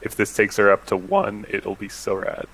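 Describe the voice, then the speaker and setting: A man's voice: on the low side, steady tone, moderate pace, gravelly, background noise. A man playing a tabletop role-playing game, talking casually and hesitantly as he thinks aloud. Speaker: player.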